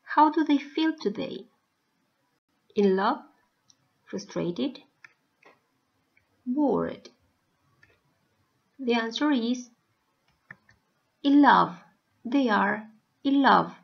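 A woman English teacher with a lively, gravelly voice on the high side speaks slowly, spacing her words carefully for learners. It's a slow recorded video lesson captured in dull, lo-fi sound.

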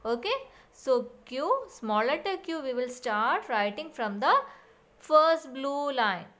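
A woman's voice: sits high, expressive, takes it slowly, fairly bright tone. A woman teacher giving a recorded lesson for young children and repeating sounds and steps in a sing-song way.

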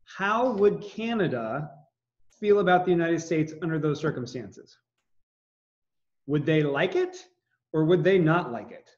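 Chatty, rather high male history teacher. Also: lively intonation, unhurried, pauses often, lo-fi sound. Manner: chatty, joking asides, many fillers. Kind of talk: classroom lecture. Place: classroom.

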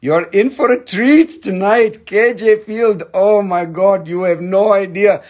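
Playful high-voiced man, slow and gravelly. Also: a little mellow. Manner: playful, joking, rambling. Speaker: live-stream host selling stones. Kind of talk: casual live-stream chat. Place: at home.

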